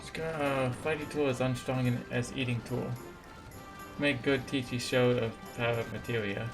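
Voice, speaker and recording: A man voicing a goblin craftsman who talks in halting, broken phrases. The voice is gravelly and sits mid-pitch. Game music plays clearly behind it. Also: close to an everyday voice. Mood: earnest. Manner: halting pidgin phrasing, read flatly.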